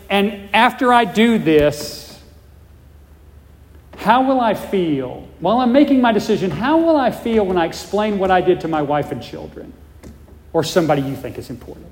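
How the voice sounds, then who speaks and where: A male pastor delivers a sermon in a fairly high voice. He is emphatic, stacking rhetorical questions and repeating words as he builds his points. His voice rings out with a long reverb, as if in a large church hall.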